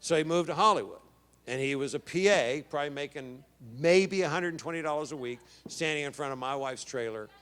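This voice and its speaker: A man speaking as a guest actor on a convention panel, telling a casual anecdote and acting out the dialogue with a rising, animated voice. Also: fairly quick, clear, resonant tone. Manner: lively storyteller, acts out dialogue with rising pitch; casual, chatty, mild swearing. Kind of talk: stage anecdote to an audience. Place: convention stage.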